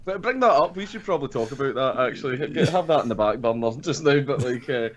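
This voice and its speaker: A man's voice: mid-range voice, expressive, fast, very noisy. A young Scottish man telling a rambling, profane story in casual podcast chat, laughing often. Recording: slightly dull lo-fi audio.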